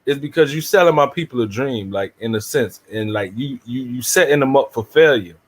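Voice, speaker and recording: A man's voice: medium pitch, lively intonation, a little fast. A man in a blunt, profane casual debate, talking emphatically.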